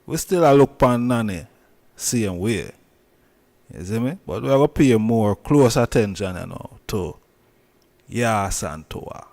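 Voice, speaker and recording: A man's voice: lowish voice, lively intonation, gravelly, a little mellow. A man with a Jamaican accent hosting a casual commentary vlog, repeating himself and stressing his points. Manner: repetitive, emphatic, drawn-out phrasing. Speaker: channel host.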